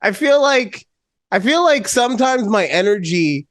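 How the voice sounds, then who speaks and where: A man co-hosting a casual podcast chat over a remote call, talking in an animated, playful way and swearing often. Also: high-pitched, a little slow, dry recording, studio quality. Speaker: podcast co-host.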